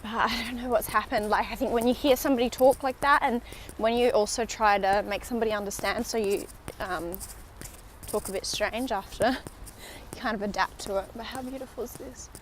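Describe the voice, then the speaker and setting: Young aussie woman rambling on a phone vlog, kinda high voice, says like a lot, faint street noise behind. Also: a little fast. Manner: chatty and rambling, heavy use of "like", drops to a whisper for asides. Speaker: vlogger. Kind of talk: casual walking vlog. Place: outdoors on a riverside walk in a city. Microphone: handheld phone.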